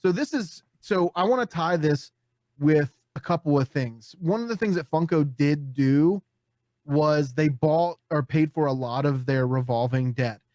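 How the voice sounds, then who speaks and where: Lively American man hosting a podcast. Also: a little high, a little slow, no echo. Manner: animated storytelling, acts out voices and laughs often. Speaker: podcast host. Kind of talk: casual podcast chat.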